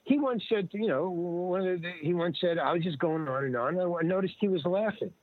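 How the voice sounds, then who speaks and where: An older man, an interview guest, telling stories in a rambling, casual way, full of restarts and lively retold dialogue. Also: sits high, moderate pace, no room sound. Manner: rambling, with many restarts and animated retelling of dialogue. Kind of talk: casual storytelling. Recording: dry, tinny phone-like line.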